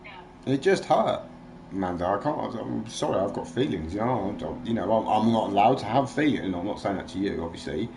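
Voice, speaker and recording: A man's voice: lowish voice, expressive, brisk, gravelly, noisy background. A man in casual chat, rambling and agitated, swearing freely as he vents. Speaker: livestream host.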